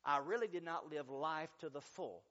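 A man's voice: on the high side, moderate pace, fairly bright tone, highs cut off. A middle-aged male pastor preaching a sermon, emphatic and repetitive, a little stuffy from sinus trouble. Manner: preachy, emphatic, repeats key lines.

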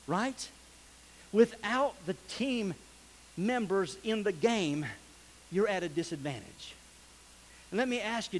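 A man preaching a sermon in a folksy, animated way, breaking into shouts and laughter. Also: high voice, slight background noise. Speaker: pastor. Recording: long hall reverb.

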